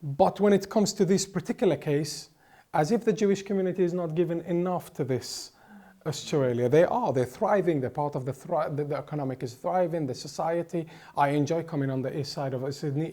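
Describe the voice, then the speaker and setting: A man from the Middle East speaks as an interview guest, emphatic and impassioned, circling back with repeated words and restarts. His voice sits fairly high yet sounds dark and mellow. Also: fairly quick. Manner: emphatic, with frequent restarts and repetitions. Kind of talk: impassioned political commentary.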